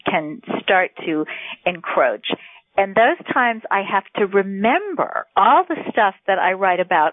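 A woman's voice: mid-range voice, no echo. A woman guest author talking about her life with effusive enthusiasm. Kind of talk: casual conversation. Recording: phone-like dry sound.

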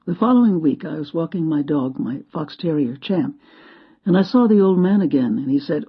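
Woman speaker, inspirational storyteller, husky and expressive, dull lo-fi recording. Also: sits low, normal speed. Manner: expressive, dramatic, acts out quotes. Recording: dull lo-fi sound.

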